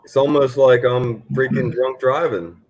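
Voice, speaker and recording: A man in casual live chat, husky and teasing. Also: mid-range voice, steady tone, measured pace, darkish tone. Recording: dull lo-fi sound.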